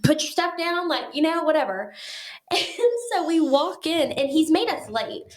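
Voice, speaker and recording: In casual conversation on a podcast, a woman guest tells a story, speaking at normal speed in a high voice. She's animated and talkative, acting out what other people said.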